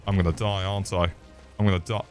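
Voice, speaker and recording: Low, level, and a little mellow, this young man's voice moves quickly over faint music. He streams himself playing a game, cursing and joking throughout and yelping whenever something goes badly.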